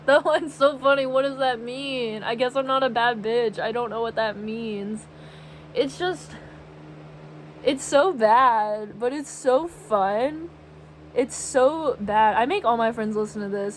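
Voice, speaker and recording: A woman's voice: fairly high pitch, slight background noise, poor audio. A young woman chatting casually about music in a vlog, rambling and giggling as she quotes lyrics. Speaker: vlogger.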